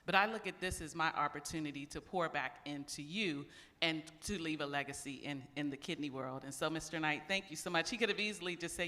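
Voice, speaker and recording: Middle-aged woman organizer, bright voice, heartfelt thanks, reverberant hall. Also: sits low, fast. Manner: heartfelt, grateful. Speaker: event organizer. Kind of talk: closing remarks and thank-yous. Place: large event hall.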